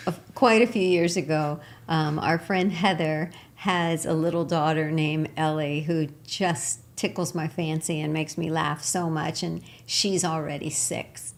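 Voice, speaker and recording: A woman with a slightly low voice co-hosts a spiritual talk show. She is from Texas and tells stories with warm enthusiasm, laughing often between thoughts. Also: steady tone, unhurried, hardly any pauses. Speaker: co-host.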